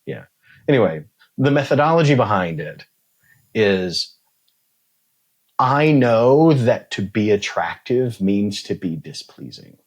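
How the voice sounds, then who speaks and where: A man's voice: lowish voice, slow pace, pauses often, breathy edge. A man in his forties talking as a podcast guest, blunt and swearing freely, acting out dialogue as he tells stories. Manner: animated storyteller, acts out dialogue. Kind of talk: casual conversation.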